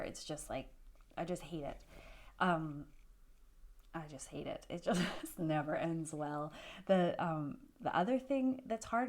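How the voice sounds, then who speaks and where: A woman's voice: lowish voice, a little mellow. A young adult woman from Canada chatting casually to camera in a vlog, self-deprecating and full of fillers. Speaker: vlogger.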